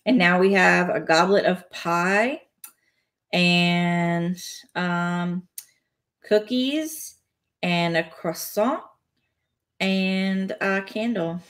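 A woman's voice: fairly low pitch, drawn-out words, long pauses, a bit bright. A woman chatting playfully on a live stream from home, laughing between remarks as she builds a toy set. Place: home, indoors.

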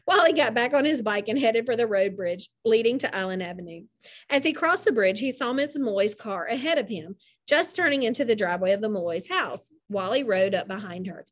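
Expressive high-voiced woman reading aloud. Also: a little fast. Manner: expressive, animated narration. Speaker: narrator.

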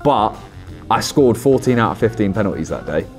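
A man's voice: on the low side, lively intonation, a little fast, a little mellow, faint music behind. A young man, reacting to fan posts in casual commentary, teasing and self-mocking.

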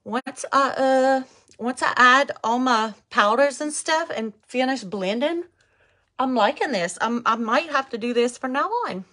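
A woman's voice: sits high, a little slow, sharp tone. A woman with a thick Cajun Louisiana accent, from Louisiana, chatting to viewers through a live makeup tutorial. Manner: chatty, talks to viewers, reads out comments. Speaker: makeup vlogger.

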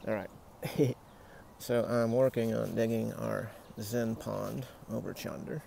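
A man's voice: on the low side, slow, creaky, dark tone, a little hiss or hum. A man in a casual outdoor vlog, talking in a rambling, self-mocking way while tired and shaky from garden work, recorded on a handheld phone. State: shaky hands, tired from digging.

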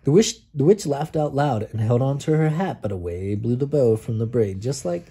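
A man, a dad, reading a rhyming picture book aloud to his child and pausing so the child can fill in the rhymes. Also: medium pitch, lively intonation, mellow, slightly rough. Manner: reads rhymes with pauses for a child to finish them. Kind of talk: bedtime story read-aloud.

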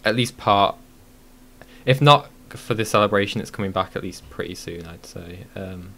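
A man's voice: lowish voice, moderate pace, gravelly, bright, forceful tone. A man hosting a casual live-streamed podcast, talking with many ums and restarts. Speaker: podcast host.

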